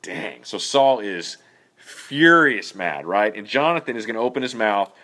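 A man's voice: lowish voice, lively intonation, a little slow, sharp tone. A man leading a Bible study in a casual, conversational way, often checking in with "okay?" and "right?". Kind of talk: casual teaching.

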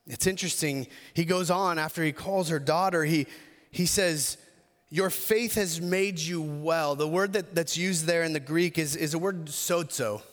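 A man preaching a sermon as pastor, earnest, stumbling over restarts and slowing down on key phrases. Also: fairly high pitch, in a large hall.

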